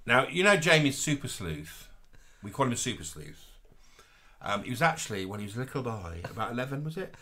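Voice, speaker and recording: A man co-hosting a casual live stream with a bright, forward tone. His voice rises and falls in a very animated way. He chats and tells stories in a gossipy, friendly manner. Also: medium pitch, a little fast. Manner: chatty, gossipy storytelling. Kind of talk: casual chat.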